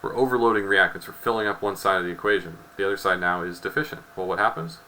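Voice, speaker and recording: A man's voice: deep voice, fast, pushed and bright, a little hiss or hum, poor audio. A man teaching a chemistry lecture in a loose, joking way, rambling into asides and often repeating his words. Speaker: chemistry instructor. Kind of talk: casual recorded lecture.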